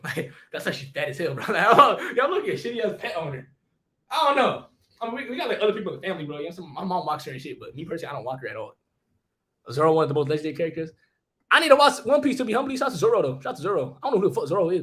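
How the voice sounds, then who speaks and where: A young man streaming casually, talking fast in heavy slang while answering chat questions. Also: a little high, very animated, fairly bright tone.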